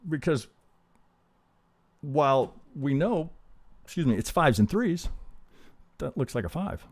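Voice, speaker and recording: A man's voice: on the high side, big pitch swings, takes it slowly, a little mellow. A man teaching trading on a live stream, talking casually and profanely and asking rhetorical questions as he goes over charts. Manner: talks himself through charts with rhetorical questions. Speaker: trading educator.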